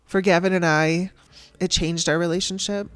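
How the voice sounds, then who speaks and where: A woman's voice: fairly low pitch, fairly even intonation, normal speed, clear, resonant tone. A woman hosting a podcast, telling a raw personal story in a candid, emotional way and swearing casually. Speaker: podcast host.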